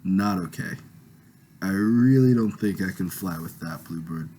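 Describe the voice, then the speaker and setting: A man's voice: low voice, unhurried, mellow, husky. A man reading a reluctant, loyal young man's laid-back lines in his own plain voice.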